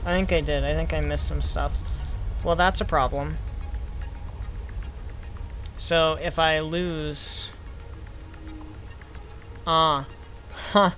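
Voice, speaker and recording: A young man talks casually to his stream chat from his desk mic, his voice sitting a little high for a man. He breaks into quick excited outbursts between easygoing remarks. Game music plays clearly underneath him. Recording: game music playing behind.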